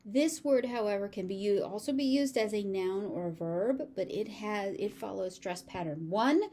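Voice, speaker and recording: A middle-aged woman with a General American accent, teaching pronunciation in a slow drill. She says each word, overpronounces its syllables, then says it again. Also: mid-range voice, warm tone. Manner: repeats words carefully, overpronouncing syllables.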